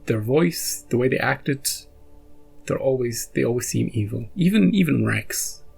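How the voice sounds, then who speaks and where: A man's voice: medium pitch, expressive, unhurried, gravelly, darkish tone, slightly rough, faint music behind. A man hosting a reaction video, chatting casually and rambling after an episode, often restarting and chuckling.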